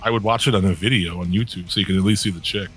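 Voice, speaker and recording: A man with a fairly low voice talks in loose, profane podcast banter, blunt and sure of his opinions. Faint music plays quietly underneath. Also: steady tone, very fast. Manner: blunt, opinionated, swears a lot. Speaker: podcast co-host. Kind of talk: casual profane chat.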